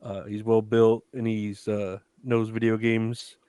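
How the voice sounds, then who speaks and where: Relaxed young man, dry close sound. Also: on the low side, unhurried, clean tone, no room sound. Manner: relaxed, hesitant, lots of fillers. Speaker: podcast co-host. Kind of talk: casual chat.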